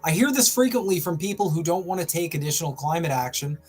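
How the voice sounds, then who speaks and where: A man's voice: on the high side, lively intonation, fast, darkish tone, breathy edge, soft background music. A man hosting a livestream, reading an article aloud and breaking off into wry, sarcastic asides. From Canada. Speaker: host.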